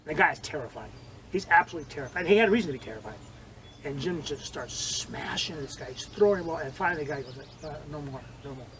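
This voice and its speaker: An older man telling vivid stories in an interview, acting out quoted lines and swinging between loud and hushed. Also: fairly high pitch, quick pace, a crowd in the background, low-quality recording. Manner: animated storyteller, acts out quotes, swings loud and soft. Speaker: interviewee, former judo training partner. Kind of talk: storytelling interview.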